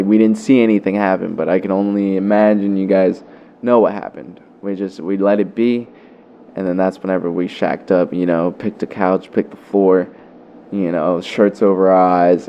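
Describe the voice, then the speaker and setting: A man's voice: low-pitched, steady tone, normal speed, dark tone, lo-fi sound, a little hiss or hum. A young man vlogger telling a story in a loose, profane way, full of fillers. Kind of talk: casual storytelling.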